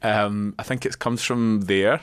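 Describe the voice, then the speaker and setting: A man's voice: lowish voice, steady tone, unhurried, crowd noise. A man, co-hosting radio and rambling through casual explanations. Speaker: radio co-host.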